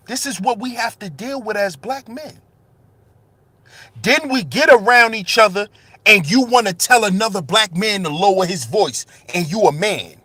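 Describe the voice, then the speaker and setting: A man's voice: high voice, moderate pace, sharp tone, slightly rough, dry recording. A man hosting his own channel, delivering an impassioned monologue with rhetorical questions and repeated phrases, raising his voice with passion. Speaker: commentary channel host.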